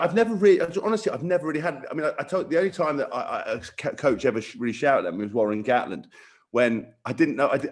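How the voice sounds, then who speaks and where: A man co-hosting a podcast, telling stories in casual chat, animated and sweary. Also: medium pitch. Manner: animated, swearing, acting out quotes. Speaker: podcast co-host.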